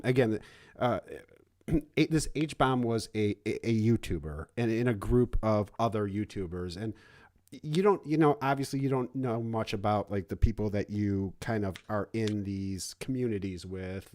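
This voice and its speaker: Low-voiced man as a casual interview host, halting and full of fillers. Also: darkish tone. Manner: halting, many fillers and restarts. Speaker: podcast host.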